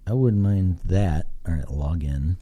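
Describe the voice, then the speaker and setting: A man's voice: sits low, a little slow, dark tone, slightly rough, no echo. A man from Texas, hosting a casual solo podcast from his basement and rambling as he thinks aloud, with casual swearing. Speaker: podcast host. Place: home basement.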